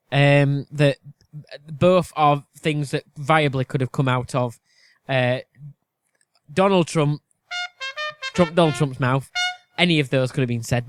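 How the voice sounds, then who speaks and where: A man's voice: mid-range voice, no room sound, studio quality. A man co-hosting a casual podcast, musing hesitantly over quiz answers and cutting in with questions. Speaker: podcast co-host and quiz contestant. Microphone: video call.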